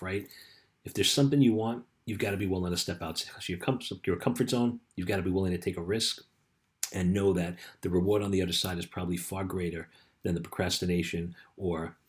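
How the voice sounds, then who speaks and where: A man in middle age talks like a life coach giving a relaxed pep talk. His voice sits fairly low, and he tells a story loosely, full of "you know" and "right?" asides. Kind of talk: casual motivational talk.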